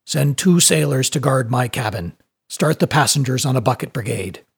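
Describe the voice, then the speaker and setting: Storybook role: man voicing a gruff steamship captain, clipped commands, husky. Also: mid-range voice, expressive, normal speed, full character voice. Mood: commanding. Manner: curt commanding orders. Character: stern male steamship captain.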